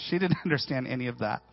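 Animated pastor man preaching. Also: medium pitch, fast, creaky, faint music behind. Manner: animated storytelling, swinging from hushed to loud; playful, slangy asides. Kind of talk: sermon. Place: church. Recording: dull lo-fi sound.

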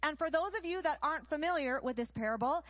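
A woman preaching a sermon, enthusiastic and often checking in with a quick "right?". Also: sits high, expressive, no echo, muffled recording.

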